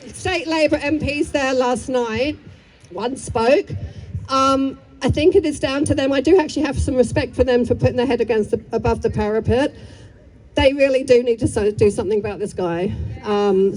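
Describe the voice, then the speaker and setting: A woman's voice: sits high, a little mellow. A woman speaking at an outdoor street rally, heated and rambling, breaking into chants between apologetic asides. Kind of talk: impassioned rally speech and chanting.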